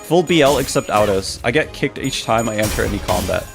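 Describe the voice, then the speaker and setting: A man's voice: fairly low pitch, animated, brisk, creaky, over music. A young man live-streaming a game, joking with chat and laughing often.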